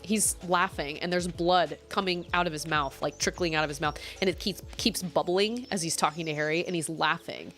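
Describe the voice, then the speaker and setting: This young woman streamer talks casually while gaming, musing aloud and laughing with ease. Her fairly low voice is a bit bright and moves at normal speed, with faint music in the background.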